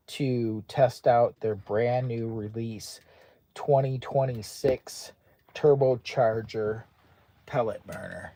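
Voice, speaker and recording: An American camping vlogger with a medium-pitched, dark voice chats casually on a livestream from inside a hot tent, with no room sound. He often slips into baby talk with his dog.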